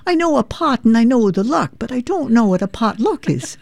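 A woman's voice: on the high side, very animated, a little fast, gravelly, darkish tone, dry recording, pitched above the performer's own voice. A woman voicing an older Irish immigrant mother and widow who frets, hesitates and is shy of strangers, with an Irish accent. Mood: puzzled. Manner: hesitant, fretful, repeats herself.

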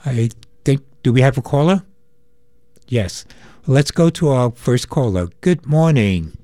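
A man hosts a call-in radio show, speaking slowly and deliberately with many pauses and fillers. His voice is mellow and dark in tone, and it sounds dry and close, with no room echo. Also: mid-range voice, expressive. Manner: slow, thoughtful, with pauses and fillers.

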